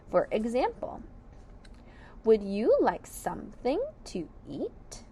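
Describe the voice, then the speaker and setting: Slow, lively-pitched woman teaching phonics. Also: slight background noise. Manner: slow, clear sounding out of words, encouraging. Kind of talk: sight word and phonics lesson for young children.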